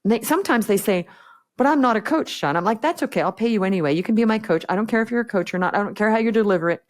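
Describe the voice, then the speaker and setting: A woman's voice: medium pitch, expressive, very fast. A woman business coach talks as a guest on a podcast. She is blunt and direct, with a mid-range voice, and she acts out the exchanges she retells. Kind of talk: podcast interview conversation.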